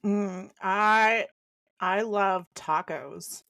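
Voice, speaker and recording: A woman's voice: medium pitch, extremely slow, fairly bright tone, dry recording, studio quality. A woman co-hosting a podcast in casual chat, playful and rambling. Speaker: podcast co-host.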